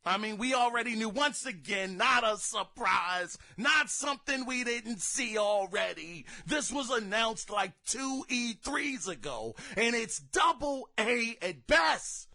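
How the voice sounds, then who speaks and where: A young man with a high, bright voice hosts a gaming podcast. He talks in an unhurried, drawn-out way and rants theatrically, often rising into exasperated shouts. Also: expressive, vocal fry. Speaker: podcast host. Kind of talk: casual gaming commentary.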